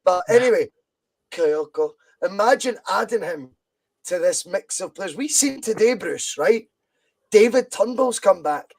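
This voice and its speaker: A man's voice: sits high, lively intonation, measured pace, vocal fry. A Scottish man hosting a football podcast, talking bluntly and swearing freely as he argues his opinions. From Scotland. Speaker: podcast host. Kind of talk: casual football podcast chat.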